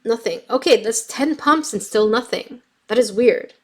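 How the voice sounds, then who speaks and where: A woman's voice: fairly high pitch, moderate pace. A young adult woman casually chatting on a craft livestream, reading viewer comments while testing markers, with a slight cough from bronchitis. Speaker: craft YouTuber reading live chat.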